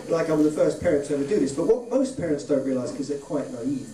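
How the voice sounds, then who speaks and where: A man's voice: fairly high pitch, lively intonation, quick pace, warm tone, a little hiss or hum. A man doing a stand-up comedy set on a club stage, delivering dry one-liners with offhand asides. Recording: roomy club sound, distant from the mic. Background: audience laughter.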